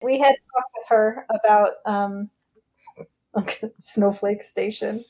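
A woman playing a tabletop game, relaxed and joking. She talks at an easy, even pace. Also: medium pitch, takes it slowly. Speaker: player. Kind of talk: casual tabletop play.

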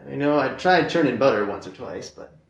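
A man's voice: medium pitch, animated, fairly quick, far from the mic. A man playing a tabletop game, joking in a dry, easygoing way. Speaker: player. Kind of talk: casual tabletop play. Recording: echoey, slightly dull sound.

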